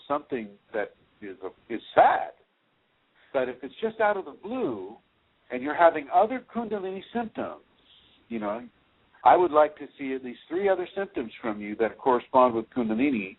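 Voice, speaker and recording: A man's voice: medium pitch, slightly rough. A man hosting a spiritual radio show, speaking straight to the listener and reassuring them as he answers their questions. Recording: tinny phone-line radio audio.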